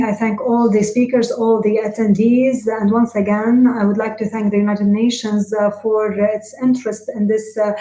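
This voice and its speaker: A woman interprets a webinar live and relays each speaker in turn. Her delivery halts often, with filler sounds and restarts. Her mid-pitched voice is mellow and sits in a roomy, echoing space. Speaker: simultaneous interpreter.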